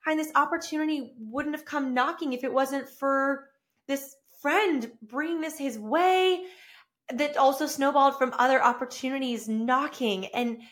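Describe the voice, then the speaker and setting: A woman's voice: high-pitched, a little slow. Gushing upbeat woman podcaster. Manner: effusive and upbeat, gushing with excitement; rambling with restarts. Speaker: podcast host. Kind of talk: solo podcast monologue. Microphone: own camera and mic.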